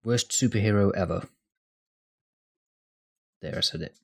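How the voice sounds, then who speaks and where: A man's voice: fairly low pitch, unhurried, gravelly. A man from the UK co-hosting a casual gaming podcast, teasing his friends in a playful way. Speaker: podcast co-host.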